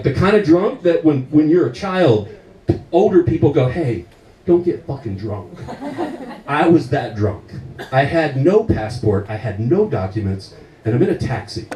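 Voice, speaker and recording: A young American man tells stories from a stand-up stage, his voice swinging widely in pitch and breaking into laughter as he swears his way through each tale. His tone stays mellow. The mic sits well away from him in a roomy, echoing space. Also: far from the mic. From United States. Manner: animated storytelling, swears a lot, laughs often. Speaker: stand-up comedian. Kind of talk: stand-up set.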